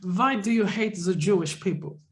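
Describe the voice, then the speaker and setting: A man's voice: high-pitched, normal speed, fairly bright tone. A man putting on a mock German therapist. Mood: probing.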